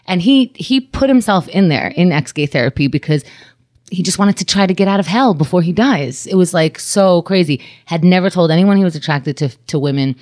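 A married woman in casual chat, telling a personal story in an earnest, measured way. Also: on the low side, animated, darkish tone, no room sound, studio quality.

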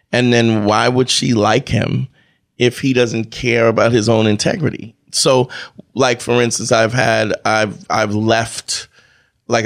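A man's voice: lowish voice, creaky. A man talking as a podcast guest in casual, opinionated chat, emphatic and prone to repeating himself and restarting phrases.

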